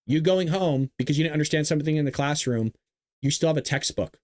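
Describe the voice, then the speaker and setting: A man hosting a live commentary stream, his voice set a touch high. He talks in an emphatic, opinionated rush, circling back and repeating his points. The sound is close and dry, with no room around it. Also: quick pace, a little mellow, dry recording. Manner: emphatic, repetitive ranting with restarts. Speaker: host of a live news commentary show.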